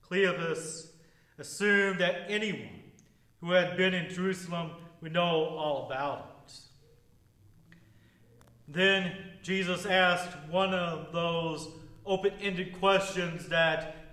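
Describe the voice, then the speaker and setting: A man preaching a sermon as pastor, with a measured, deliberate liturgical delivery. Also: high-pitched, pushed and bright, roomy sound, poor audio.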